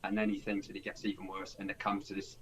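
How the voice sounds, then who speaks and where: Poor audio carries a low-pitched male voice that moves fast with a completely flat delivery. He's a film podcast host chatting casually about a movie, narrating its plot in a rambling manner with lots of restarts and acted-out dialogue.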